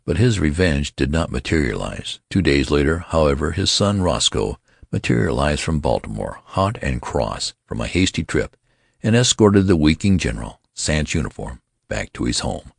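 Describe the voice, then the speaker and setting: Deep gravelly male storyteller. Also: normal speed, no room sound, studio quality. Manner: expressive storytelling. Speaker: narrator. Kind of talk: scripted audiobook narration.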